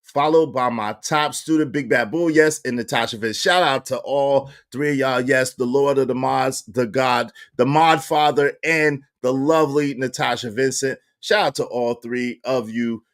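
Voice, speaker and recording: A man hosting a livestream, chatting casually and shouting out viewers by name in lively slang. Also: medium pitch, normal speed, few pauses. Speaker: livestream host.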